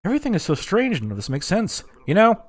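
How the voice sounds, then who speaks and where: A bewildered young graveyard keeper, put on by a man, squeals his lines high and whiny with a lively, swooping pitch. He sounds nervous and easily rattled. The recording is close and dry. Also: fast talker, no echo, full character voice.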